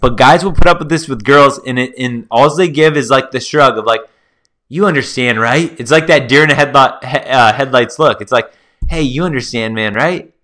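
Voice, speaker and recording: A man's voice: medium pitch, fairly quick, few pauses, a bit bright. A man hosting a solo podcast, telling stories in a chatty, casual way and talking straight to his listeners. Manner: chatty, storytelling, addresses listeners as guys. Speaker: podcast host.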